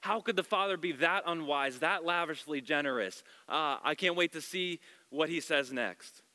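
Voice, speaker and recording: A man voicing self-righteous religious men who speak in a smug, drawn-out way. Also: fairly high pitch, sharp tone. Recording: long hall reverb.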